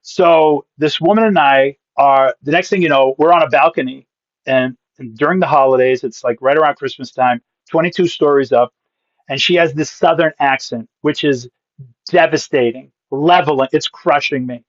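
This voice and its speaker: A man in his fifties with a slightly high voice tells a comic story as a podcast guest, punchy and full of quick asides. His voice comes through a dull, lo-fi recording. The sound is dry, with no room around it. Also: no room sound. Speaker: guest, pastor and comedian.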